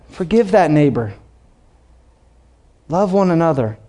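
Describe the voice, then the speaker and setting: A pastor preaching a sermon, animated, slowing down to read scripture and acting out quotes. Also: male voice, high voice, slight background noise. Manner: animated preaching, reads scripture slowly, acts out voices.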